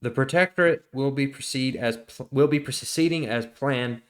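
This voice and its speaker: A man voicing a flustered male cleric messenger in a tabletop game, hesitant and halting. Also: mid-range voice, voice pushed up, lightly acted. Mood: uneasy. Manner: hesitant, stumbling over words.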